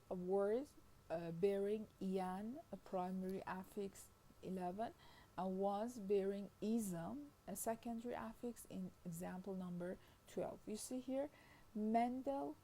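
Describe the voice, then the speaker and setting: A woman's voice: medium pitch, mellow, a little hiss or hum, poor audio. A woman giving a linguistics lecture, reading from slides at a careful pace and often adding "I mean" and "you see" as she explains. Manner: reads slowly, repeats "I mean" and "you see", stretches out example words.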